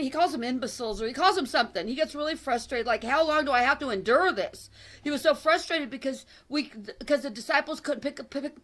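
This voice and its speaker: Middle-aged woman ranting about faith, high bright voice, fired up and repeating herself. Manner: fervent, heated, repetitive, with sudden loud outbursts. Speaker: online religious speaker. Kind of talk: impassioned preaching monologue.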